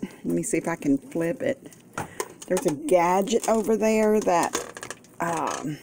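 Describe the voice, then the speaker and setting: A woman's voice: fairly low pitch, a little mellow. A woman vlogging casually in her home kitchen, playful and doting, full of delighted exclamations. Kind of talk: casual cooking vlog.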